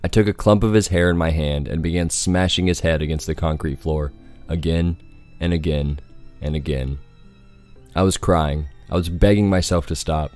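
A man narrating a horror story in a measured, dramatic way. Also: extremely low pitch, fairly even intonation, a little mellow, faint music behind.

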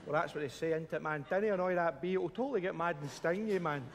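A man's voice: on the high side, quick pace, big-room sound, slight background noise. A Scottish man in live sketch comedy, drawling laid-back stoner patter and ending lines with "man".

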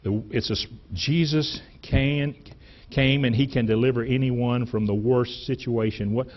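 A man's voice: mid-range voice, fairly even intonation, measured pace. Emphatic preacher man, lo-fi recording. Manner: emphatic preaching with repeated words and sudden loud rises. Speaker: pastor. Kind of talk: sermon. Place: church sanctuary.

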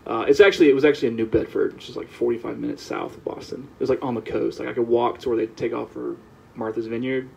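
Southern man, podcast guest, gravelly voice, lively anecdotes, slightly lo-fi. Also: mid-range voice, fast, slight background noise. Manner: animated storyteller, laughs while telling anecdotes. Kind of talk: casual storytelling chat. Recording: slightly dull, lo-fi sound.

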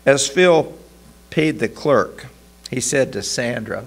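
Male preacher telling a sermon story, gravelly, husky, deliberate. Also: mid-range voice, expressive.

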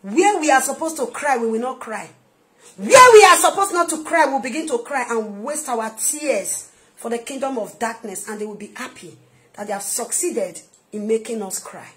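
A woman minister with a Nigerian accent preaches an emphatic sermon-style video message, repeating her points and swinging between soft asides and loud outbursts. Her voice is on the high side at normal speed.

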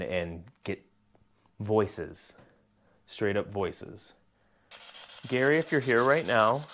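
A paranormal investigator with a lowish voice explores an old house by himself for a ghost-hunting vlog. He speaks gently to an invisible spirit, sometimes jumping with sudden startled exclamations.

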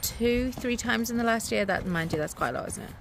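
A woman chats casually to the camera outdoors in a garden and laughs often between remarks. Her voice sits a little higher than most. A faint hum of noise lies underneath. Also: a little fast, creaky. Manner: chatty, laughs often, expressive. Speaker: vlogger and mother.

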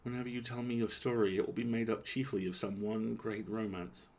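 A man voicing an earnest, affectionate young gentlewoman, speaking gently in storybook dialogue. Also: on the low side, level tone, a little fast.

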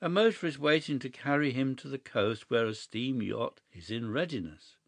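Storybook prankster: unruffled, sly, mid-pitched, by a male narrator. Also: moderate pace, creaky, no room sound, studio quality. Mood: calm. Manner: calm, matter-of-fact, sly. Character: cool mischievous young gentleman prankster.

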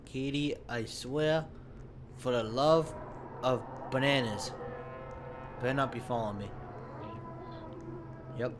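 A young man giving loud, excitable gameplay commentary, swearing and laughing often. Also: medium pitch, slow, pauses often, noisy background. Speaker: gaming YouTuber.

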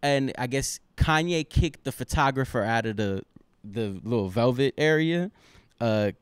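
A man guesting on a comedy podcast, telling stories in a rambling, deadpan way. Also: mid-range voice, a little slow, clean tone, no echo. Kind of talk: casual comedy podcast banter.

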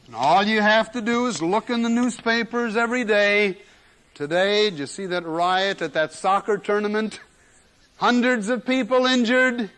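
An emphatic male lecturer with a fairly high voice, possibly older, teaching a class on general semantics. He hammers key words by repeating them. The sound is an old 1970s lecture recording. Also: normal speed, fairly bright tone.

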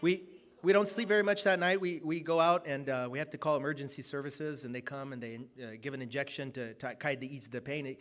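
A man preaching a sermon, telling a personal story, loud and emphatic at times, then dropping to low, quiet asides. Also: little pitch movement, fairly quick.

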